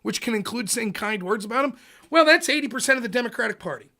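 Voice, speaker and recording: A man with a high, bright voice hosts a political livestream. He rants in a casual, profane way, and his pitch swings widely as he argues. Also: fast. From United States. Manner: animated, profane ranting. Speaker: livestream host.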